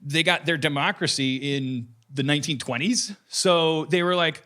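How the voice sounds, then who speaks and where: Guy rambling on his podcast, kinda high voice, bright and punchy, cusses a lot. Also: moderate pace, few pauses. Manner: rambling, animated, swears freely, jokey asides. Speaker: podcast host. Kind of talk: casual comedic podcast talk.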